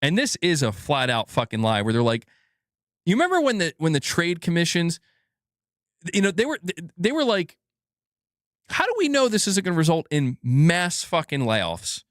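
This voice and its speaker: A young man giving a profane, animated gaming news rant, laughing and talking back to his viewers. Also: on the high side, moderate pace, dry recording, clean studio sound. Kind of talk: casual ranting commentary.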